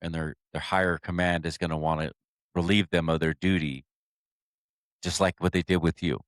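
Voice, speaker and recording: A podcast host with a very deep voice talks earnestly with his guest. His thoughts run together in long, rolling sentences. The recording is close and dry. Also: steady tone, moderate pace, no echo. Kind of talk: interview, conversational.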